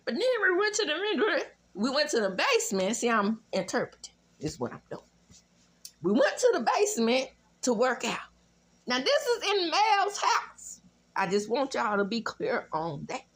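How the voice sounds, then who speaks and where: A woman with a Southern accent hosting a casual reality TV recap, sassy and animated with profane asides. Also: on the high side, moderate pace.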